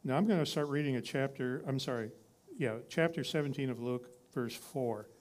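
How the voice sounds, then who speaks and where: A man's voice: mid-range voice, moderate pace, darkish tone. A man preaching a sermon in a conversational teaching style, reading scripture and building to emphatic repeated lines.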